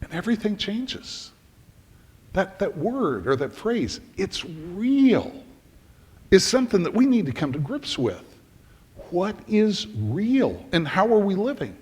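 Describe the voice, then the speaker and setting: A middle-aged male pastor preaching in a church, his voice sitting a bit high and swinging widely in pitch as he tells the story. He acts out each scene with lively energy, and a long reverb from the hall trails every phrase. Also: measured pace, slightly rough. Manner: animated storyteller, acting out scenes. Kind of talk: storytelling sermon. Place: church sanctuary.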